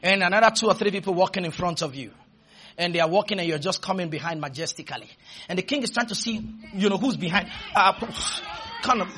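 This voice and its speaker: A man with a high-pitched voice preaches a sermon at a fast pace, shouting dramatic lines and leading the congregation in call-and-response.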